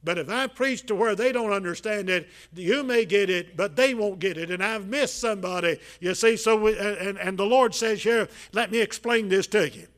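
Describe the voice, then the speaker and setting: An older pastor delivers a folksy sermon in a high voice for a man. He stumbles through strings of "uh"s, then punches key lines loudly before dropping to quiet asides. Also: normal speed, few pauses. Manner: folksy, repetitive, many filler "uh"s, swings between loud emphasis and quiet asides.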